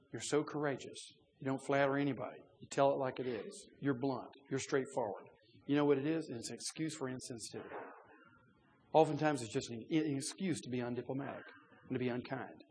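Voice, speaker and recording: A man preaching a sermon in a loose, conversational teaching manner, with frequent fillers and restarts and a voice that rises when he gets animated. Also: a little high, long reverb tail.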